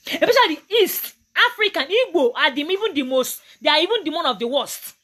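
A Nigerian woman lectures her viewers in a motivational talk, preachy and emphatic, repeating herself for weight. Her voice sits high and swings widely in pitch. The tone is bright and forceful. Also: lively intonation, fairly quick. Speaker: motivational vlogger.

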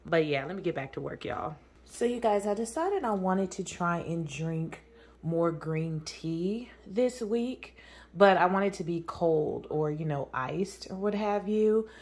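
A chatty woman talks to her viewers in a casual home vlog. Her voice sits a little low, and she jokes and laughs easily as she goes. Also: expressive, moderate pace, hardly any pauses, a little mellow. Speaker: vlogger.

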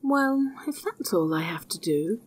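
Storybook hero, a bold naive young man, earnest and husky, unhurried as a woman reads him. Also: mid-range voice, lively intonation. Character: fearless naive young man, eager and plain-spoken.

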